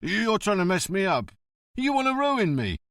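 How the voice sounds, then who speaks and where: A man's voice: high voice, very animated, normal speed, a bit bright, no room sound, studio quality, voice pushed up, exaggerated voice. A man voicing a nervous, defensive middle-aged boat captain who pleads and protests. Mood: upset. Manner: pleading, rising to alarm.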